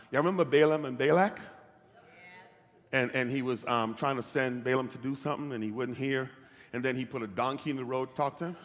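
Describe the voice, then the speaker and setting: A man preaching a sermon as pastor, often checking in with the congregation and rising from quiet talk to shouted calls. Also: mid-range voice. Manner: asks the congregation questions. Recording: hall reverb.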